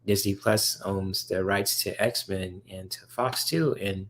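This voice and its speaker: A man's voice: low voice, steady tone, slow, fairly bright tone. A man hosting a casual livestream, answering viewers' chat questions in a rambling, enthusiastic way with lots of fillers. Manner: rambling, filler-heavy, enthusiastic about comics.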